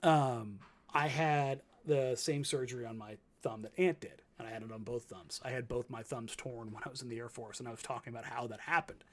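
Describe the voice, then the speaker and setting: A man's voice: medium pitch, fairly even intonation, a little fast, hardly any pauses. A man in his thirties, co-hosting a casual sports talk show, telling stories with many fillers and restarts. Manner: rambling, filler-heavy storytelling. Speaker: co-host.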